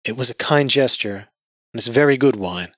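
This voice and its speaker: A grieving young woman, bitter and defiant, her voice raised close to tears, as a male narrator puts her on. The voice is tense and breathy, recorded dull and lo-fi. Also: medium pitch, animated, moderate pace, a bit bright, no room sound, voice pushed up. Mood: anguished. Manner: emotional, raised voice near tears. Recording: dull lo-fi audio.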